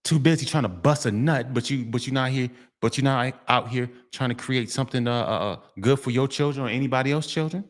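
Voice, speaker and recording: A man's voice: mid-range voice, fairly quick, hardly any pauses. A middle-aged man, delivering a street monologue vlog, preachy and repetitive, often breaking into sing-song refrains. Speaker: vlogger.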